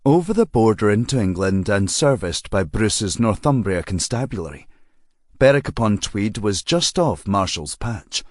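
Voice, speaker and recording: A man narrating an audiobook crime novel in a measured, even storytelling manner. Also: on the low side, no room sound, studio quality. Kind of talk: scripted narration.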